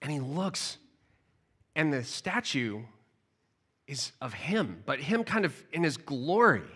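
A man preaching a sermon with animated storytelling, often repeating words as he restarts. His voice is bright and forceful, a touch high for a man. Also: takes it slowly, husky. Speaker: pastor.

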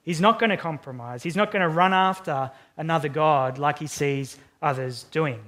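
A man's voice: fairly high pitch, moderate pace, a bit bright. Earnest male pastor preaching a sermon. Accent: Australian. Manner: earnest, emphatic scripture reading.

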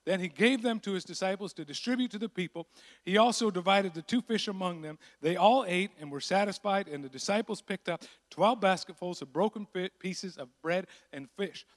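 Guy preaching a sermon, kinda high voice, plays out the characters, long echo like a big church. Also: brisk. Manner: animated, acts out voices of the disciples. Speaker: pastor. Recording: long hall reverb.

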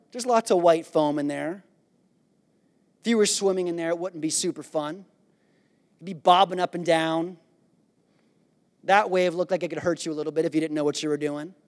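A high-pitched pastor delivers a sermon with animated storytelling, acting out the disciples in a raised voice. He's playful and jokes with the congregation.

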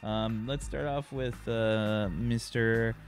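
A man's voice: medium pitch, steady tone, slow, faint music behind. A man hosting as game master, wrapping up the stream loosely with laughs and fillers. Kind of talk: casual wrap-up of a stream.

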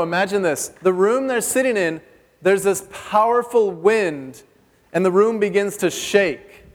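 A male pastor preaching a sermon in a church hall, chatty and joking, asking the congregation questions. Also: high-pitched. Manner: conversational and joking, asks the audience questions. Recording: long reverb of a church hall.

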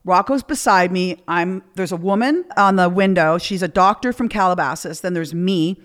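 A woman's voice: fairly low pitch, moderate pace. A woman guest on a podcast, telling candid stories in casual chat and acting out the people she quotes. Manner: candid storytelling with acted-out quotes.

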